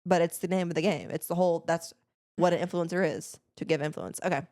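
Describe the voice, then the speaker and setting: A young woman co-hosting a podcast in casual chat, reading listener stories aloud in a quick, chatty way. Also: on the low side, fairly even intonation, a little mellow, dry recording, studio quality. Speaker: podcast co-host.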